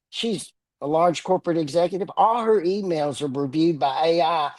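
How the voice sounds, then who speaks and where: A man's voice: a little high, dry recording. An older man with a Texan drawl talks plainly and bluntly as an interview guest. His humor stays dry. The sound is close and dead, with no room around it. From Texas Panhandle. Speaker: guest author. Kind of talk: casual interview talk.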